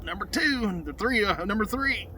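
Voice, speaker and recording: A man's voice: high voice, lively intonation, normal speed, sharp tone, slight background noise. A man, narrating his trapline outdoors in a folksy, rambling way with lots of fillers, somewhat out of breath. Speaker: trapper. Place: outdoors by ponds.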